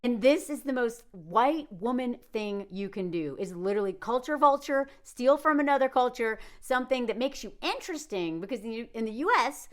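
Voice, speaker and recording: A woman from the United States giving casual, animated commentary, sarcastic and laughing often. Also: a little high, moderate pace, few pauses. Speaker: commentary vlogger.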